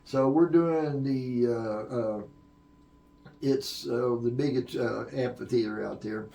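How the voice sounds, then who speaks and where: A man's voice: medium pitch, slow, gravelly, dark tone, recorded from a distance. An older man, a veteran sound engineer, telling long anecdotes in a podcast interview, rambling with fillers and restarts. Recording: echoey room.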